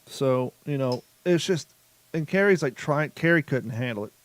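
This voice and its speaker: A man's voice: medium pitch, lively intonation, moderate pace, no echo. A man hosting a casual podcast, rambling loosely and swearing freely as he chats. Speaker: podcast host.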